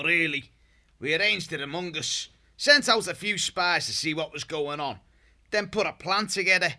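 A male narrator plays a shrew chieftain who talks brisk and practical. His voice is very bright and sharp, and pitched high. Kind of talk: audiobook character voice.

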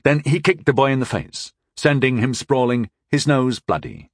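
A man narrating a first-person fantasy audiobook in a wry, expressive way. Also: mid-range voice, normal speed, no room sound, studio quality.

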